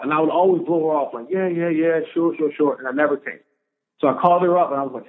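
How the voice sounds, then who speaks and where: Animated male storyteller on a thin line. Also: a little high, fast talker. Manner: animated storyteller, acts out quoted dialogue. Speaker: podcast guest, former pro football player. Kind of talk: storytelling interview. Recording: narrow phone-like audio.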